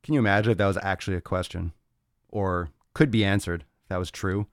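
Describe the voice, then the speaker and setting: A man hosting a casual solo podcast, loud, laughing and profane, talking on a close mic. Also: low voice, fairly even intonation, fast, dry recording. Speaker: podcast host.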